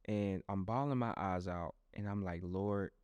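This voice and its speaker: A young adult man hosting a podcast and telling a personal testimony in a loose, animated, conversational way, often speaking straight to his listeners. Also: sits low, normal speed, smooth, dry recording, muffled recording. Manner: animated storyteller who talks straight to listeners; loose and conversational, with frequent restarts. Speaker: podcast host.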